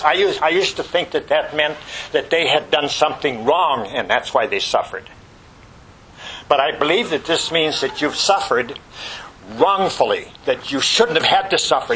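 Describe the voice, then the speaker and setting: A man preaching a sermon with passion, rising to loud exclamations and dropping to hushed whispers, asking the congregation rhetorical questions. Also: a little high, a little hiss or hum, poor audio.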